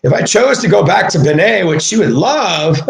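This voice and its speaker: A man rants in an emotional monologue, cursing as he lurches between quiet mutters and raised shouting. His voice sits a little high for a man and swoops all over the place. The sound rings around an echoey room. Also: lively intonation, a little slow, vocal fry. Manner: agitated, swearing, swings from low mutters to shouting.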